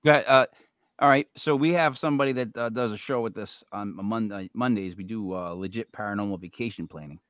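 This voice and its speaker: A man's voice: fairly low pitch, fairly quick, a bit bright, no room sound. A man from New England hosting a casual interview, rambling and chatty with many fillers and restarts. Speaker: show host.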